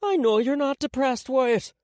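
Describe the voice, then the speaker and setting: A man voicing a sharp-tongued, wry and bossy old grandmother in an audiobook. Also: extremely high pitch, lively intonation, a little slow, dry recording, clean studio sound, pitched above the performer's own voice. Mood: teasing.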